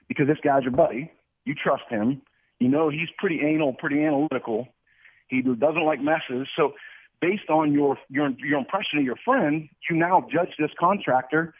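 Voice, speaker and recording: A man's voice: on the high side, breathy edge, dry recording. A man from the Ohio Valley, a guest on a radio talk show, speaking energetically, repeating words and acting out little dialogues. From Ohio Valley, USA. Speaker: guest sales expert. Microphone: telephone. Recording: tinny dry phone line.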